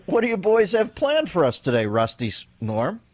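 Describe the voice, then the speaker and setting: A male radio host bantering with a guest, with quick, wry interjections. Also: sits high, wildly swooping pitch, no echo. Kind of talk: radio talk show banter.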